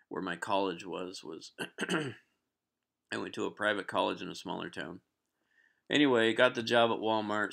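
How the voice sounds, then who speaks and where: A man's voice: low-pitched, fairly bright tone. A man telling a rambling personal story on a live stream, with many restarts. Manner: rambling, lots of fillers and restarts, clears his throat. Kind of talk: casual storytelling.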